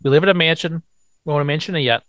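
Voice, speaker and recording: A man's voice: on the high side, racing, a bit bright, no echo. A man hosting a podcast, recapping a TV episode in casual chat, swearing freely and quoting characters playfully. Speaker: podcast host.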